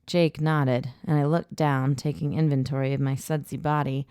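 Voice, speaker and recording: A woman narrating a first-person audiobook in an even, intimate storytelling voice, recorded close in a booth. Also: deep voice, normal speed, clear, resonant tone, no room sound.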